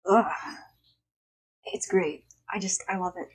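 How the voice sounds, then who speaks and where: A young woman chatting to camera in a casual vlog, telling a story with plenty of emphasis and cursing. Her voice is husky and still a bit hoarse from a recent illness. She sits at a middling pitch for a woman. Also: slow pace, pauses often. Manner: emphatic, swearing, animated storytelling. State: slightly hoarse after illness. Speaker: vlogger.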